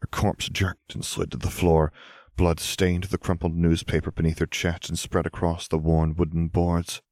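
A man giving calm, measured audiobook narration. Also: low-pitched, no room sound, clean studio sound.

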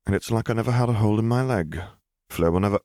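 A young wizard husband with a wry, joking way of downplaying trouble, as a man reads him in an audiobook. The voice sits deep and low, recorded close and dry. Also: fast, darkish tone, no echo, lightly acted. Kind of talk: audiobook character reading.

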